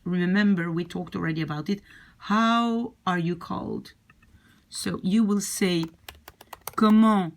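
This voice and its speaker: A woman with a Dutch accent teaching a language lesson, patiently repeating phrases slowly. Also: fairly low pitch, vocal fry.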